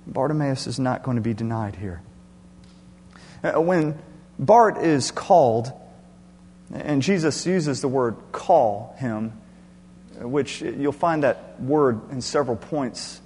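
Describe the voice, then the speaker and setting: Preacher man in an echoey hall. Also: mid-range voice. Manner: earnest, explanatory, swings to loud passion. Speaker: pastor. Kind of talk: sermon. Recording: echoey hall with faint hum.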